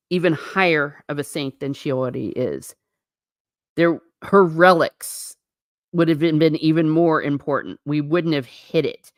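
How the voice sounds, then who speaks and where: In clean studio sound with no room noise, a deep-voiced woman muses by herself in her living room for her own channel. She rambles chattily through casual solo musing, tossing in sarcastic asides.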